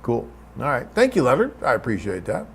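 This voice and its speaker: A man's voice: mid-range voice, huge pitch swings, fairly quick, fairly bright tone, slightly rough. A man hosting a live webcast, reading out viewer questions and answering them in a chatty, off-the-cuff way.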